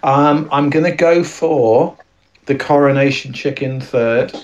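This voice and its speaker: A man's voice: mid-range voice, slow, recorded from a distance, dull audio. Male comedy podcaster, loose and jokey, mutters through his thinking. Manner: playful, sweary, jokey asides. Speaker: podcast co-host. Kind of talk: casual comedy chat.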